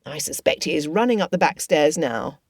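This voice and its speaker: Woman doing an eager, friendly young gentleman. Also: low-pitched, animated, fairly quick, vocal fry, no echo, studio quality, pitched below the performer's own voice, heavily acted. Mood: earnest.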